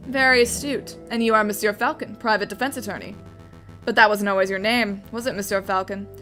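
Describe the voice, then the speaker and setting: A woman voicing a scheming male fox con man posing as a prince, smooth and theatrical. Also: mid-range voice, steady tone, a little fast, bright, forceful tone, soft background music, close to an everyday voice. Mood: sly. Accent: put-on Spanish accent.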